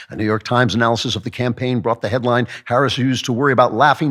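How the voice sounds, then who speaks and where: A man's voice: fairly low pitch, fairly even intonation, fast, few pauses, a bit bright. A male host delivering a sarcastic, emphatic political opinion monologue with mocking asides.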